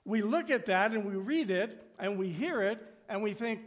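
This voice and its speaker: High-voiced man preaching a sermon. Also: expressive. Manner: slows down and drops to a hush on key phrases; acts out complaining voices with rising pitch. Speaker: pastor.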